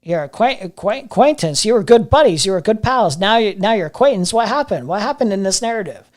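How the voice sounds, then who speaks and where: A streamer giving live commentary on a video, sarcastic and mocking, often repeating phrases and mumbling low asides. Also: animated, a little fast.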